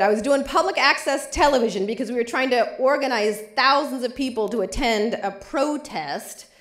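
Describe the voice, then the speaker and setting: A woman's voice: a little high, echoey room. A woman lawyer giving a lecture, telling a vivid personal story. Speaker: civil rights lawyer. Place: lecture hall.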